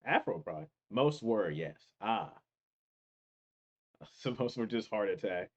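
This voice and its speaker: A man's voice: fairly low pitch, big pitch swings, unhurried. A man reacting to a video with short interjections and laughing asides. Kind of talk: casual reaction commentary. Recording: dull lo-fi audio.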